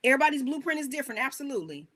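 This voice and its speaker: A woman coach preaching a motivational message with animated emphasis and a fairly high voice. She talks to the crowd in a conversational way, tossing in rhetorical questions. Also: very fast. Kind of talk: motivational talk, sermon-like.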